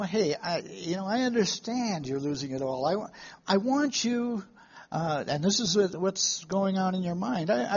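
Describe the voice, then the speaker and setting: Slow, husky preacher in a lo-fi recording. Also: male voice, high-pitched. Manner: folksy storytelling, halting restarts, asks the congregation questions. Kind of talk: sermon. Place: church with live congregation.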